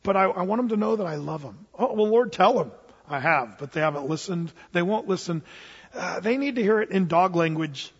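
Husky-voiced preacher in a reverberant hall. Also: male voice, sits high, lively intonation, fairly quick. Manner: storytelling, acts out both sides of a dialogue. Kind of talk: sermon. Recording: dull lo-fi sound with long hall reverb.

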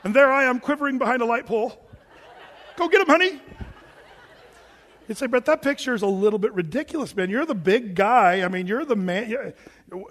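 A pastor preaching a sermon in a joking, animated way, acting out quoted voices as he goes. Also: extremely high pitch, fast. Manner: jokey, acts out quoted voices; self-described big guy. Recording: long reverb of a large hall.

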